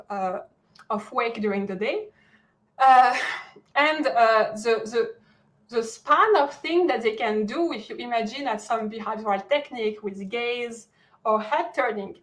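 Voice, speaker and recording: A woman's voice: a little high, rough recording. French-accented woman giving a lecture. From France. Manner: many fillers and restarts, searching for words. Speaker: guest lecturer. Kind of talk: academic lecture.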